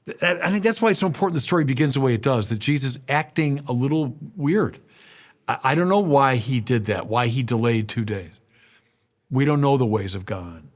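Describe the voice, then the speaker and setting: A man's voice: mid-range voice, lively intonation, a little fast. Male priest, middle-aged, sermon, conversational, rhetorical questions, repeats himself. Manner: conversational preaching, repeats words and restarts, rhetorical questions to listeners.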